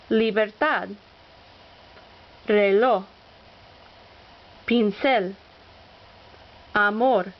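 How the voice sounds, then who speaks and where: A woman narrating a scripted language lesson, slowly sounding out each example word. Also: sits high, highs cut off. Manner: slow, deliberate, sounding out example words. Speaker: Spanish teacher.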